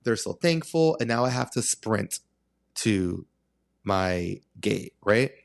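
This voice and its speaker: A man's voice: on the low side, takes it slowly, gravelly. A man hosting a podcast, telling a long story in a casual, dramatic way and acting out the exchanges. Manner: animated, dramatic storyteller who acts out exchanges. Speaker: podcast host.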